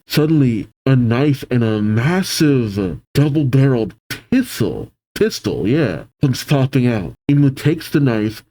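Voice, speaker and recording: A man's voice: mid-range voice, animated, measured pace, mellow, rough recording. A man hosting a manga reaction, reading the panels aloud and reacting with frequent exclamations.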